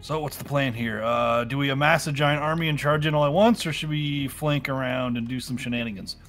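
Bright, joking gamer guy. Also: medium pitch, steady tone, brisk, faint music behind. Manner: joking, playful. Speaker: gaming channel regular, map maker. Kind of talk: casual gameplay chat.

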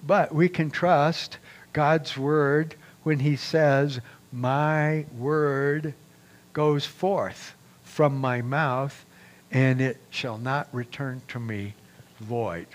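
A man preaching a sermon as pastor, reading scripture aloud with raised emphasis in a deliberate, measured way. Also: medium pitch, steady tone.

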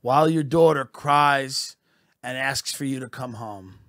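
A man's voice: mid-range voice, unhurried, a bit bright, dry recording, studio quality. A man voicing an indignant mother who reproaches her husband. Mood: reproachful.

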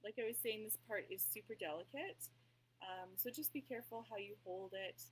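A woman's voice: mid-range voice, fairly quick, slight background noise, poor audio. A woman hosting a casual craft tutorial at her table, chatting as she paints and often apologizing for her slips. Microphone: table mic that cuts out.

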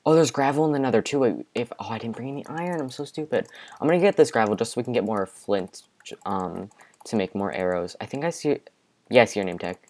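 A young man giving casual let's-play commentary from his bedroom, excitable, with panicky outbursts and repeated exclamations. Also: medium pitch, quick pace. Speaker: gaming video creator. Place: home bedroom.

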